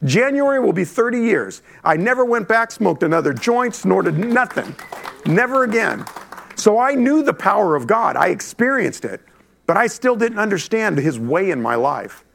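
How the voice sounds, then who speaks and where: Middle-aged male pastor, gravelly and slightly high, lively preaching with direct asides to the room. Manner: animated, talks straight to the congregation with quick asides. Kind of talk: lively sermon. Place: church before a congregation.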